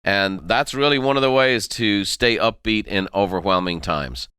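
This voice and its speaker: A man's voice: fairly low pitch, normal speed, bright, forceful tone, smooth, dry recording, clean studio sound. Emphatic man coaching listeners. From Ireland. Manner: emphatic, repeats key phrases, coaching tone. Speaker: podcast host and motivational speaker. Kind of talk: motivational monologue.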